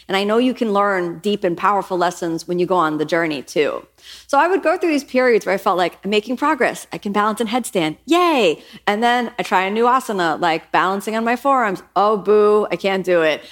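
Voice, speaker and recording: A middle-aged woman teaching yoga, speaking in an earnest, reflective way and acting out her own past thoughts in lively quoted lines. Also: mid-range voice. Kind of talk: motivational talk.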